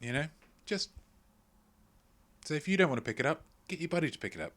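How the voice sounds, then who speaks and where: A man's voice: a little high, very animated, quick pace, a bit bright. A man hosting a live-streamed quiz from home, reading out chat messages with playful, rambling asides. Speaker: quiz host. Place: at home, indoors.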